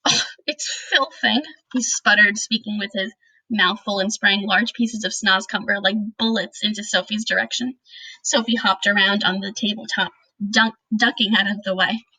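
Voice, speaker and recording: A woman's voice: mid-range voice, flat delivery, moderate pace, sharp tone, breathy edge, no echo, rough recording. A woman reading a children's book aloud, narrating it steadily and expressively.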